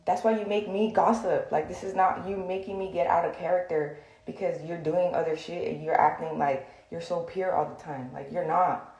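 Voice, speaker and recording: Heated woman livestreamer, confrontational rant, lower voice, roomy phone sound. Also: fairly even intonation, normal speed, crowd noise. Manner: heated, confrontational, lots of fillers. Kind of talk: venting on a livestream.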